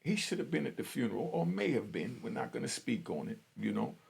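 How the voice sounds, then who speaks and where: A man's voice: medium pitch, very animated, brisk, vocal fry, darkish tone, slightly rough. A man in his fifties from Jamaica giving blunt, streetwise warnings in a commentary vlog, outdoors on a street. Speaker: vlogger.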